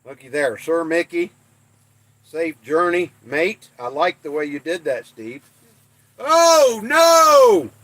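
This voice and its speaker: This is a livestream host, an older man from the American West, talking casually with his chat viewers. He reads their comments aloud in a folksy, self-deprecating manner. His voice sits on the high side and sounds fairly bright, his pace is measured, and the recording is dry.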